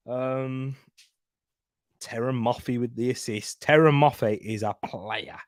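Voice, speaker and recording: The young man hosting this live football watchalong speaks slowly in a mid-range voice. His casual match commentary is chatty and full of banter, and he laughs frequently. The sound is clean studio audio with no room sound.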